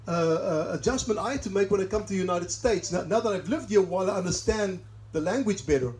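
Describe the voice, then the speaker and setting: A man's voice: high voice, fast talker, darkish tone, rough recording. A man from South Africa with a South African accent, preaching a sermon and telling chatty personal stories with laughs. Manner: chatty, laughs at own asides. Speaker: pastor. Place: church service in a greenhouse.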